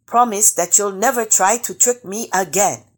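A woman voicing a mischievous male rabbit trickster in a storybook reading, with a high, bold, teasing voice. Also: normal speed, lightly acted. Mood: smug.

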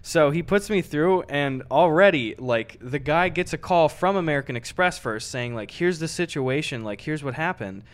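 A man's voice: moderate pace, few pauses, clean tone. A young man co-hosting a podcast, telling a story in casual chat and acting out the people in it with big swings in his voice. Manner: animated, acts out quoted voices with big pitch swings. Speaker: podcast co-host.

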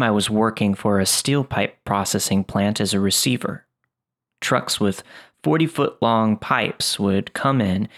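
A man reading first-person horror stories aloud in a steady, scripted narration. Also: lowish voice, gravelly.

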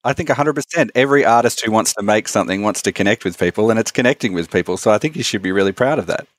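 Man, podcast host, very low voice, rapid pace, rambling questions, dry sound. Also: no room sound. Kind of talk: interviewing.

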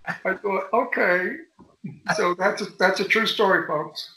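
An older man chats as an interview guest, spinning bawdy stories with animated relish. His voice sits high and sounds sharply bright. The call carries a roomy echo around him. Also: unhurried, slight background noise. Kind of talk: casual interview chat. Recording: echoey room.

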